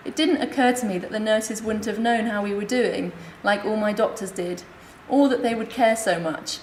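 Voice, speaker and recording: A woman speaking at a conference, reading her comic memoir aloud in a wry, deadpan way. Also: mid-range voice, moderate pace, hardly any pauses. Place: hospital conference room. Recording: echoey lecture room, faint hiss.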